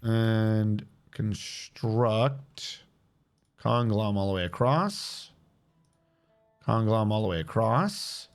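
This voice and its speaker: A man's voice: on the low side, animated, drawn-out words. A man casually thinking aloud as he plays a building game and answers his chat on a stream. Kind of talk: casual gameplay commentary. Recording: game stream with music behind. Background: guitar music.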